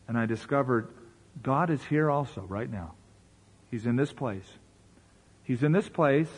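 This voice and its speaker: A man preaching a sermon as pastor, talking in a conversational way with rhetorical questions and asides. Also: medium pitch.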